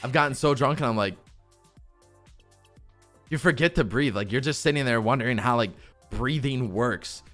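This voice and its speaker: A man hosting a podcast, chatting casually and laughing easily in relaxed banter. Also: medium pitch, normal speed, long pauses, soft background music. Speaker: podcast host. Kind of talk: casual chat.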